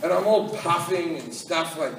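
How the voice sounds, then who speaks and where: Stand-up comic, profane storyteller, loud hall noise around a distant voice. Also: male voice, a little high, moderate pace. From Australia. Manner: profane, animated storytelling that acts out other people's voices. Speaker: stand-up comedian. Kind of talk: stand-up comedy set. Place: large comedy venue with a live audience. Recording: echoey hall, voice from far off, loud ambience.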